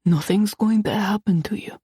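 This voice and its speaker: A woman voicing a protective man with a slight Russian accent, speaking low and steady to reassure someone over the phone. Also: normal speed, breathy edge, dry recording, studio quality. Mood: soothing.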